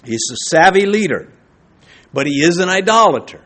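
A male pastor preaching a sermon in an animated way, acting out quoted voices and laughing between points. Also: high-pitched, normal speed.

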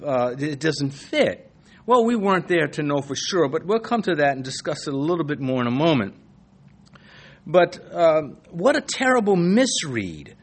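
A man preaching an expository sermon in a conversational way, reading scripture and acting out quoted voices with the odd chuckle. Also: a little high.

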